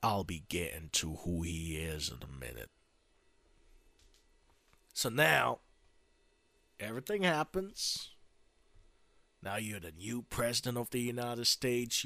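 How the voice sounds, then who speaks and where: Gravelly man telling a profane comic story. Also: mid-range voice, expressive, bright, forceful tone, no room sound. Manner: profane, drawn-out delivery. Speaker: comedian. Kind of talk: stand-up storytelling.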